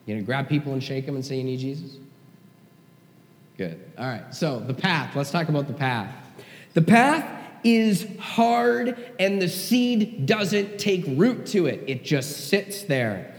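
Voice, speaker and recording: High-voiced pastor preaching in an echoey hall. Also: male voice, darkish tone. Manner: conversational, emphatic, checks in with the room. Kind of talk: sermon.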